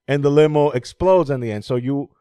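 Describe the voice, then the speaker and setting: A man's voice: medium pitch, a little fast, smooth, dry recording, clean studio sound. A man chatting casually about movies, rambling, laughing often and swearing freely. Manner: animated when mocking movie scenes.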